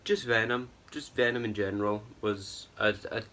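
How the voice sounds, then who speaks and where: A man's voice: on the low side, fairly even intonation, moderate pace, fairly bright tone. A young man giving a casual, exasperated film review, rambling and tagging his points with "right?" and "bro". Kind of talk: ranting film review vlog.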